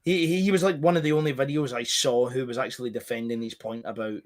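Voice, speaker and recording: A man's voice: medium pitch, fairly even intonation, fast talker. A man talking as a guest in casual podcast chat, swearing often and rambling emphatically.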